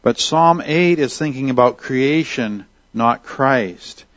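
A man's voice: medium pitch, takes it slowly, fairly bright tone, dry recording, highs cut off. A man teaching a Bible lesson in a conversational way, asking his listeners questions and reading Scripture aloud. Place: at a desk with Bible and notes on screen.

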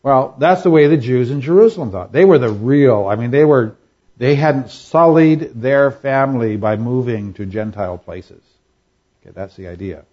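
A man teaching a class on scripture, pausing often with fillers and checking in with "all right?". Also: mid-range voice, mellow, dull audio. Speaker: Bible teacher.

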